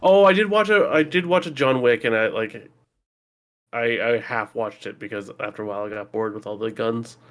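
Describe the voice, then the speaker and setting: A man's voice: mid-range voice, moderate pace. Easygoing man in casual podcast chat. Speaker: podcast co-host.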